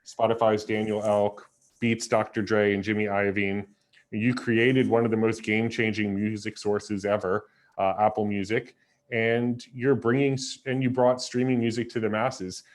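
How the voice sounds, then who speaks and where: A man's voice: lowish voice, flat delivery, moderate pace. A man interviewing a guest, introducing him in a friendly, lightly joking way before asking questions.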